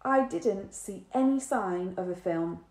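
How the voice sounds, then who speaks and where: A woman's voice: mid-range voice, a little slow, a little mellow, natural voice. A woman voicing a curious, stubborn young schoolboy in a storybook reading, earnest and explaining. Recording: roomy echo.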